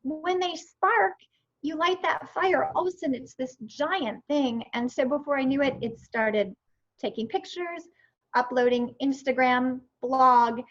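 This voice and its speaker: A somewhat high-voiced woman in her fifties, speaking as an interview guest. She tells her story with animation and acts out what she once said. The sound is a little dull and lo-fi. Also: unhurried. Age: 50s. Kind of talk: casual interview chat.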